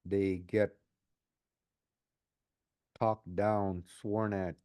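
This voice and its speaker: A man's voice: low voice, steady tone, unhurried, warm tone. A man in his late sixties talking earnestly in an interview as a community advocate, often repeating his phrases. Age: 60s. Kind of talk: reflective interview talk.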